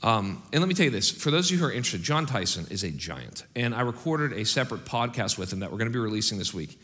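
A middle-aged male pastor preaching and giving church announcements, animated, swinging from loud rallying calls to quiet asides. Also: fairly low pitch, fast talker. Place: large church auditorium. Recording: hall reverb in a large auditorium.

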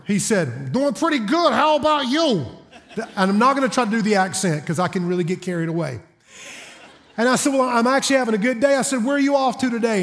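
A middle-aged man from South Carolina with a Southern accent, preaching a sermon as a guest in a church and telling folksy, joking stories. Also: high voice. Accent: Southern American. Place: church auditorium.

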